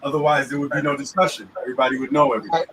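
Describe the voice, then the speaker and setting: This man talks very fast at a medium pitch that barely moves, hosting a laid-back conversation on the weekly Torah portion from inside a moving car. He leans on street slang and keeps making sure the listener is with him. The audio comes from a distant mic, with faint road noise in the background.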